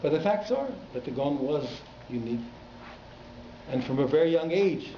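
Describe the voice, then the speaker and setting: A rabbi teaching a class at a community synagogue, telling stories animatedly and repeating words for emphasis. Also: male voice, fairly high pitch, animated, moderate pace. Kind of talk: storytelling lecture. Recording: echoey, dull hall recording with faint noise.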